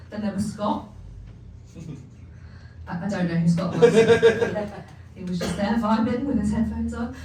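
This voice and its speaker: A woman's voice: mid-range voice, darkish tone. A young woman from England performing a stand-up set, chatty and self-mocking, laughing often as she acts out her family. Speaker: stand-up comedian. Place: comedy club stage. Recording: echoey venue from far off, faint hum.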